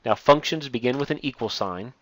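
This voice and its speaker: A man teaching a step-by-step software lesson, reading each instruction aloud and then explaining it as he works on screen. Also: medium pitch, a little fast. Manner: reads steps aloud, then explains while clicking. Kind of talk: software tutorial walkthrough.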